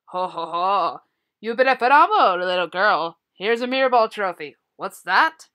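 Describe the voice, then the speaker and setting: Woman doing a jolly mall Santa, put-on British accent, bright, sharp tone. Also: medium pitch, animated, normal speed.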